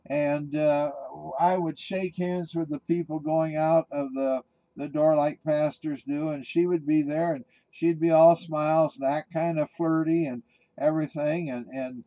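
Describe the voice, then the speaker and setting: Guy preaching a sermon, folksy and chatty, warm mellow voice a bit high. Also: fairly even intonation, a little slow, rough recording. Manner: conversational, folksy, with restarts. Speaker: pastor. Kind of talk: sermon with storytelling.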